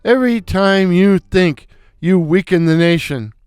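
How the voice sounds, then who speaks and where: A man putting on a gruff, bossy slapstick bully who barks his insults and wisecracks at a slow, deliberate clip. The voice sits high and comes across clear and close. It is a read-aloud storybook role. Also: darkish tone, dry recording. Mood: barking.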